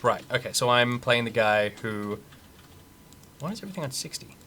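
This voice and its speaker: A man's voice: medium pitch, expressive, normal speed, pauses often, pushed and bright, slight background noise. A man streaming a video game, chatting casually, reading the game's text aloud and reacting jokily. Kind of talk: casual live gameplay commentary.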